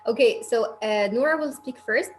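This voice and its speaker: A woman's voice: on the high side, moderate pace, faint music behind, rough recording. A woman teacher hosting an online English class, chatting casually and laughing often as she leads the talk. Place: home, on a video call. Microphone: video call.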